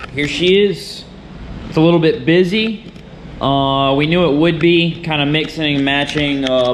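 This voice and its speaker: A young man with a nervous, rambling manner, chatting casually to camera about his car. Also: a little high. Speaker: car vlogger. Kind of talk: casual vlog, talking while driving. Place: inside a car. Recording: echoey with loud car noise.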